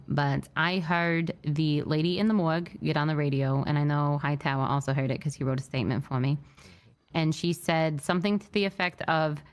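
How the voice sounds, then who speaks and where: Low woman in an rp trooper role, venting steadily, ums and false starts. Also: smooth. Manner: upset but measured, frequent fillers and restarts. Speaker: state trooper in a roleplay server. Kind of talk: in-character roleplay briefing.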